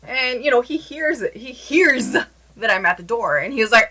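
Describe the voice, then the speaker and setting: A young woman talks straight into her camera in a loose, storytime style, full of "like" and quick asides. Her voice is bright and a little sharp. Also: fairly high pitch, breathy edge, poor audio. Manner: chatty, animated, lots of "like" fillers. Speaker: vlogger telling a story. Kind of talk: casual storytime chat.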